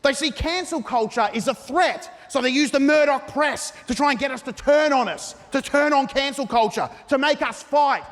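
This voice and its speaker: A man's voice: extremely high pitch, normal speed, hardly any pauses, fairly bright tone. A man doing a stand-up comedy set in a mock-earnest, ranting style. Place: large theatre stage. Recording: live hall recording with reverb.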